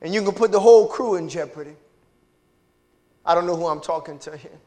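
Pastor man preaching, high voice, lots of hallelujah and amen, big churchy reverb. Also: brisk, mellow. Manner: call-and-response preaching with frequent hallelujahs and amens. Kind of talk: sermon. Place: church sanctuary.

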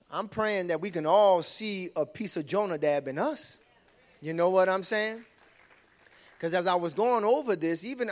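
A pastor preaching a sermon, moving from low conversational talk to loud, high-pitched preaching and dropping in frequent amens. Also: male voice.

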